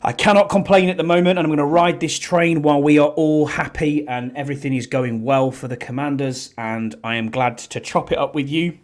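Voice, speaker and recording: A British man co-hosting a sports podcast in a casual, chatty way, animated and calling everyone mate. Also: fairly high pitch, a little fast, few pauses.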